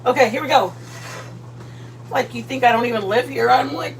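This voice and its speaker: A woman hosting a casual cooking livestream from her home kitchen, chatty and playful, greeting viewers by name with loud excited bursts. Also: fairly high pitch, moderate pace, creaky, slight background noise, poor audio.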